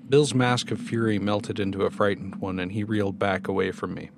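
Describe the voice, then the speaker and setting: A man with a fairly low voice narrates a horror story in a measured, dramatic style. He hosts the podcast and reads steadily with deliberate pacing. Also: steady tone, gravelly, slight background noise.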